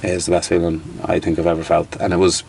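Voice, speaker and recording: A man's voice: sits low, quick pace, vocal fry, slight background noise. A man in his thirties with an Irish accent, a guest in a casual interview telling stories with restarts and the odd swear word. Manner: animated, restarts sentences, occasional swearing.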